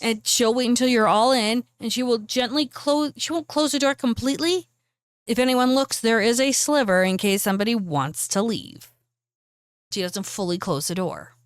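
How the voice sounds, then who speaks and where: A woman's voice: on the high side, normal speed, no room sound, clean studio sound. Casual woman game master. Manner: casual and chatty, with fillers. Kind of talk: narrating a tabletop game.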